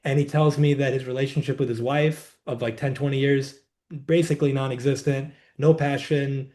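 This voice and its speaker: A man, a guest healer and coach, telling client stories in a measured, reflective way in a podcast interview. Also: mid-range voice, flat delivery, mellow.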